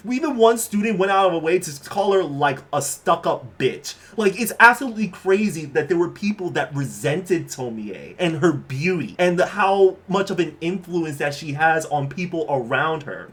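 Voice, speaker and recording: A man's voice: fairly high pitch, a bit bright. A man casually recapping a horror manga in laid-back, slangy speech that is full of fillers and the odd swear word.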